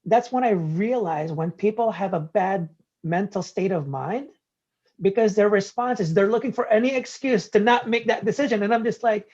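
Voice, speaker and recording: Male interview guest, storyteller who acts out both sides of a talk; husky tone, muffled lo-fi audio. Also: high-pitched, moderate pace. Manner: animated, acts out quoted dialogue. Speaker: guest entrepreneur.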